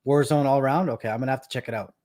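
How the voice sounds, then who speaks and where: A man's voice: mid-range voice, very fast, a little mellow. A man in his thirties from Canada, chatting casually on his live stream and telling stories with a laugh. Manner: chatty storyteller, laughs often, repeats words.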